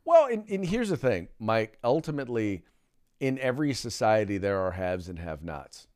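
A man's voice: on the low side, sing-song, normal speed, darkish tone. A man hosting a podcast in casual political commentary, making emphatic points with many "uh" fillers and restarts. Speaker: podcast host.

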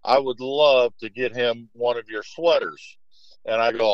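A man's voice: mid-range voice, moderate pace, no echo. Rambling middle-aged man coach, dull lo-fi sound. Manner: rambling, lots of "you know" and restarts; lively when quoting others in anecdotes. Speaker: basketball coach, guest. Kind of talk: casual interview storytelling.

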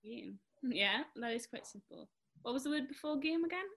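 A woman's voice: on the high side, animated, normal speed, gravelly, a bit bright, slightly rough. Giggly woman learning words tentatively. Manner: laughs often, tentative when repeating words. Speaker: language learner co-host. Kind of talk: casual language lesson.

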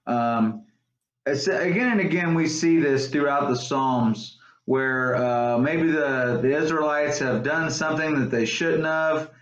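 A man's voice: a little high, a little slow. Hesitant male co-host, roomy muffled recording. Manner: hesitant, filler-heavy. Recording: dull, roomy sound from off-mic.

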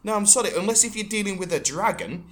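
Casting: man, podcast co-host, crude ranting banter, slightly higher voice. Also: fast, over a noisy crowd. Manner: ranting, swearing, laughing often.

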